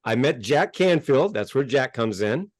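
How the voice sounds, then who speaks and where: Animated man telling his story, dry sound. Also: mid-range voice, a little slow, no room sound. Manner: animated, gets worked up and acts out exchanges. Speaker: interview guest, self-help author. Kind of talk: casual interview storytelling.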